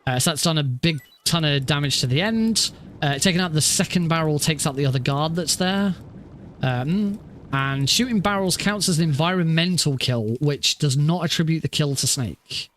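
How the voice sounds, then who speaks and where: A man's voice: a little high, moderate pace, a bit bright, a little hiss or hum. A man casually commenting on his own speedrun practice, rambling and self-deprecating with lots of fillers and restarts. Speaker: speedrunner streamer.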